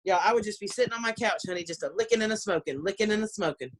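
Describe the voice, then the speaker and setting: A woman's voice: mid-range voice, rapid-fire. A woman with a Southern US accent doing a brash, profane stand-up set over a video call from home. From Southern United States. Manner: brash, ranting, profane, laughs between lines. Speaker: stand-up comedian. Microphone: computer mic on a video call.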